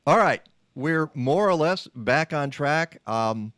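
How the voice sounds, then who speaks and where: A man's voice: a little high, animated, takes it slowly, fairly bright tone, no room sound, studio quality. A man hosting a radio talk show, chatting casually with many fillers and restarts. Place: radio studio.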